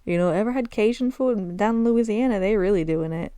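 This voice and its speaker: A woman's voice: medium pitch, a little fast, warm tone, clear, resonant tone, dry recording. A woman with a Southern American accent talking candidly and self-deprecatingly on her own podcast, slipping in Arabic phrases. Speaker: podcast host. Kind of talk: casual solo podcast storytelling.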